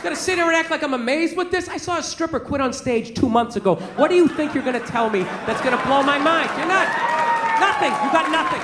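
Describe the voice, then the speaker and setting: A man's voice: very high-pitched, expressive, fast, very noisy. A man doing a stand-up comedy routine, self-mocking and acting out other voices on a live stage. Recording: echoey stage recording with crowd laughter.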